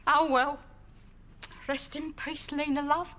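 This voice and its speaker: A woman's voice: sits high, little pitch movement, slow pace, sharp tone, slight background noise, heavily acted. A woman playing a chatty, blunt, gossipy elderly grandmother in a comedy sketch. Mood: mournful. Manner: chatty, dropping sly asides.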